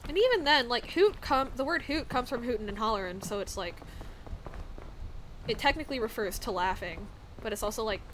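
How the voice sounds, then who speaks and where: A woman's voice: a little high, expressive, fairly quick, a bit bright, a little hiss or hum. A young woman from the American South, chatting casually on a live stream, rambling with lots of fillers and frequent laughs. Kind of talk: casual chat.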